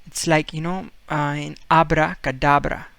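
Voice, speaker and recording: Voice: mid-range voice, little pitch movement, moderate pace, creaky, fairly bright tone. A patient language teacher talking through a casual video lesson, repeating each example word over and over to model the sound. The delivery is loose and unscripted, and the voice sits in a middle register. The recording is close and dry, with no room echo. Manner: patient, repeats words many times to demonstrate sounds; loose, with frequent fillers and restarts.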